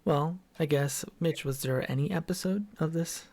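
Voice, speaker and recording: Podcast host guy, kinda high and gravelly, teasing his buddies. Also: moderate pace, a little mellow. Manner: joking, teasing, profane. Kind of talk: casual chat.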